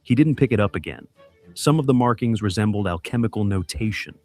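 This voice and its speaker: A man giving scripted dramatic mystery narration, measured and suspenseful, delivered in short clipped phrases. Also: lowish voice, lively intonation, a little mellow, no echo, faint music behind.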